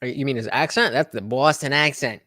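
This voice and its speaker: A man's voice: mid-range voice, quick pace, sharp tone, no echo. A man casually commenting over video clips on a live stream, rambling with lots of restarts and repeated words.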